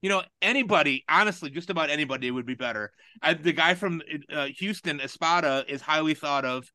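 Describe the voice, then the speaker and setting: A man with a bright, tense voice and a somewhat high pitch, telling rambling, profane stories in casual chat. His exasperation keeps building, and the sound is close and dry. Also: fairly quick, dry recording.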